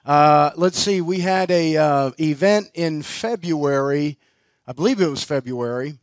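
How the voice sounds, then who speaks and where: A man's voice: on the high side, a little slow, no room sound. A man preaching at a conference, telling a personal story in a chatty way, laughing often and full of fillers and restarts. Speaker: guest preacher. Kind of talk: sermon storytelling.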